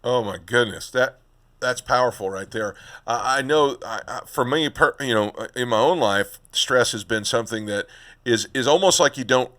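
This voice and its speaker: Bright-toned middle-aged man hosting a podcast. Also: medium pitch, moderate pace. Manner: conversational, often repeats words while starting his thoughts. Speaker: podcast host. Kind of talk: podcast interview.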